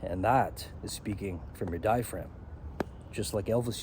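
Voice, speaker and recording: A man's voice: lowish voice, normal speed, noisy background. A man giving a rambling vlog monologue outdoors by a pond, often checking in with "okay?". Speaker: self-help vlogger.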